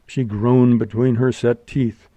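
Male audiobook narrator, deep mellow tone, dry studio read. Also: flat delivery, takes it slowly, no echo. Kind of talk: scripted narration.

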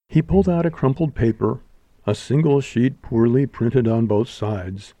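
Dark mellow male audiobook narrator. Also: mid-range voice, measured pace, dry recording. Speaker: audiobook reader. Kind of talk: scripted narration.

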